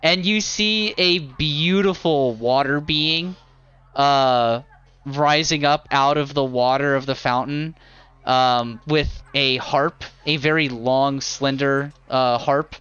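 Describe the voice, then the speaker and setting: A man narrating a live tabletop game as dungeon master, describing scenes slowly with many fillers. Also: medium pitch, a bit bright, smooth, muffled recording.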